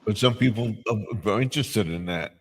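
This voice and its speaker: A man's voice: on the low side, normal speed, poor audio. An older man hosting a live stream, chatting casually and rambling, with many restarts and fillers. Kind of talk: casual chat.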